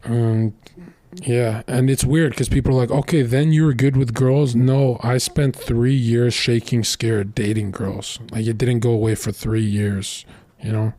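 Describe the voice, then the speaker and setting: A man's voice: medium pitch, fairly even intonation, measured pace, warm tone, dry recording. A young man telling crude stories in a blunt, boastful casual monologue as a streamer.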